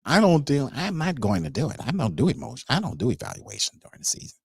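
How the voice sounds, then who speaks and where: A man's voice: mid-range voice, sing-song, quick pace, gravelly, darkish tone, breathy edge, no room sound, studio quality, exaggerated voice. Man doing a whiny stubborn old executive. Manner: mocking stupid voice. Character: whiny stubborn older male team executive.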